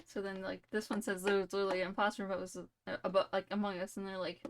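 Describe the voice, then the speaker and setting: A woman's voice: medium pitch, little pitch movement, quick pace, few pauses, slight background noise. A young woman streamer telling a rambling, playful made-up story full of "like" and "you know".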